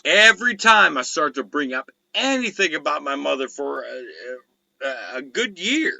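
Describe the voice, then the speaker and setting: A man's voice: on the high side, sing-song, moderate pace, gravelly, crowd noise, rough recording. A man hosting a talk show, telling rambling stories in casual chat and swearing constantly. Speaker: show host.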